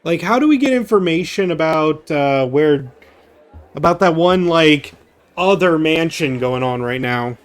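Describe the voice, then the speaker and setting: A man casually commenting on his gameplay as a let's play host, halting and rambling as he thinks aloud. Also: a little high, lively intonation, clean tone. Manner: rambling, halting, with fillers and restarts.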